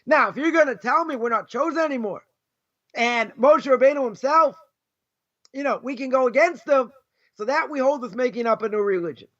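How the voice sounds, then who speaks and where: Emphatic high-voiced Boston rabbi teaching. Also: male voice, a little fast, fairly bright tone. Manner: emphatic, rhetorical, repeats key phrases. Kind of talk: informal Torah lesson. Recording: dull lo-fi recording.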